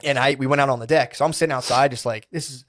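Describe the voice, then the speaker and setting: Fast-talking man telling a rambling story. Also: mid-range voice. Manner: rambling, profane, animated retelling with quoted inner voices. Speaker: podcast co-host. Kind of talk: casual storytelling.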